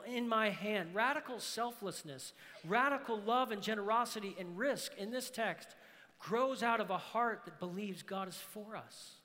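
A man preaching a sermon as pastor, emphatic, rising to shouts on key phrases. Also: high voice, measured pace. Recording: long hall reverb.

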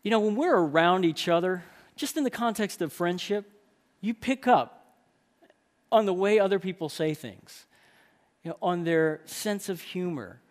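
A man's voice: sits high, animated, unhurried. Emphatic man preaching a sermon. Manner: emphatic, rhetorical questions. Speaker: preacher to men.

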